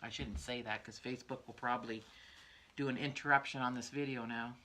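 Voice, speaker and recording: An older woman rambles through a crafting livestream, her voice low yet bright and forward. She laughs easily and wanders off into little asides. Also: steady tone, fairly quick. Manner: chatty, laughs often, trails off into asides. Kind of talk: rambling casual chat.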